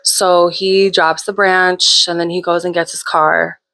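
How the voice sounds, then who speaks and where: A woman's voice: lowish voice, level tone, measured pace, pushed and bright. A woman hosting her own show, telling a personal story in a candid, chatty way with plenty of swearing. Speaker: host. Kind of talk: casual storytelling.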